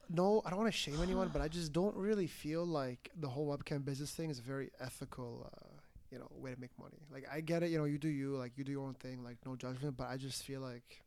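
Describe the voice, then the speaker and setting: A man's voice: medium pitch, fairly even intonation, quick pace, a little mellow. A young man hosting a podcast in casual chat, talking in loose bursts full of fillers and uneasy laughs. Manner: chatty, many fillers, nervous laughs. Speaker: podcast host.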